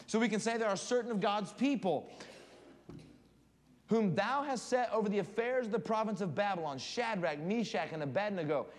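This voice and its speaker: Animated preacher in a reverberant church. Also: male voice, high voice, normal speed. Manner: animated storytelling with scripture reading. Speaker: guest preacher. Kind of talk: sermon. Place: church sanctuary. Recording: long hall reverb, faint room noise.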